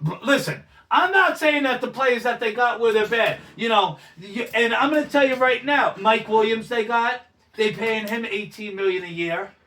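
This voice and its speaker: A man with a very high voice talks football in a heated debate, arguing loudly and interrupting often. He sits a little back from the microphone, so the sound sits a touch distant. Now and then he swears. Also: normal speed. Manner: argumentative, loud, interrupting, swears. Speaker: sports talk co-host.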